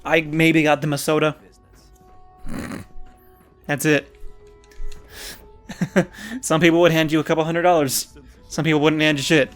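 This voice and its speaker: A young man with a fairly high voice commenting over a video game. He is opinionated and teasing and laughs often, while faint game music plays behind him. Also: flat delivery, measured pace, long pauses. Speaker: gaming commentator. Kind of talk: casual gameplay commentary.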